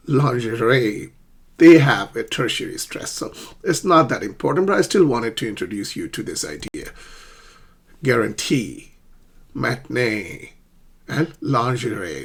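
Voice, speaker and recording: A man teaching English pronunciation in an online lesson, speaking deliberately and repeating words to demonstrate how their stress shifts. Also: mid-range voice, husky.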